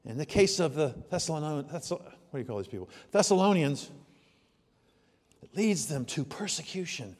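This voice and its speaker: A man's voice: a little high, animated, normal speed, slight background noise. Man preaching a sermon in a reverberant hall. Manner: storytelling, swings from soft asides to loud exclamations. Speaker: pastor.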